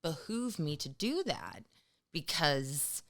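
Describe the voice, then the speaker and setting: Bright-voiced woman chatting on a podcast. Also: deep voice, big pitch swings, takes it slowly. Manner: emotional, tearful at moments, quotes people in voices. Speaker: podcast co-host. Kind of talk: casual chat.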